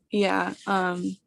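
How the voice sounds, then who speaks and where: A woman's voice: mid-range voice, vocal fry, fairly bright tone, no echo. A young woman in her twenties, a coaching client on a video call, grieving and hesitant, with many fillers.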